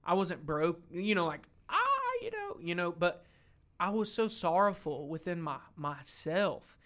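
Earnest young guy, kinda high bright voice, lots of restarts. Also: very animated, measured pace. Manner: earnest, emotional, many restarts. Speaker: lay preacher. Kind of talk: casual faith discussion.

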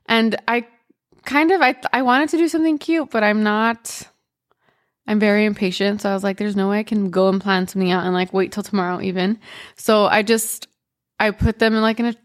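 A woman's voice: medium pitch, steady tone. Chatty woman podcast host. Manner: chatty, full of "like" and "um" fillers, quick bursts and slow pauses. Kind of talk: casual personal storytelling.

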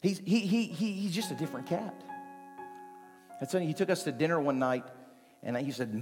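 Male pastor, higher voice, animated sermon delivery, long hall reverb, faint music behind. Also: normal speed, long pauses. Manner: animated, shifting from quiet to shouting. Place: church sanctuary.

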